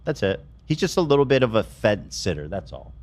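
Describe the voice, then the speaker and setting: A man's voice: fairly low pitch, very animated, brisk, darkish tone. A man hosting a podcast, chatting casually and joking crudely, laughing often. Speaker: podcast host.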